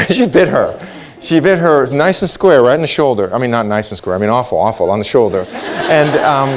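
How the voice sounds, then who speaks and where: A middle-aged man gives a conference keynote. He tells stories in an animated way, with lively rises and playful asides. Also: medium pitch, brisk. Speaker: keynote speaker.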